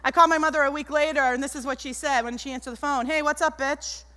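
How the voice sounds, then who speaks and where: A woman giving an animated keynote talk on stage, telling stories and acting out the people in them. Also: sits high, very fast, noisy background. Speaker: keynote speaker. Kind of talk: motivational stage talk with storytelling. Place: large auditorium stage. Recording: echoey auditorium.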